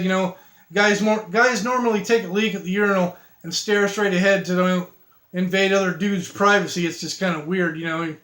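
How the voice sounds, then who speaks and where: High-voiced man telling rambling jokes. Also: fairly bright tone, echoey room. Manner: halting, many restarts and fillers, self-deprecating. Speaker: amateur joke teller.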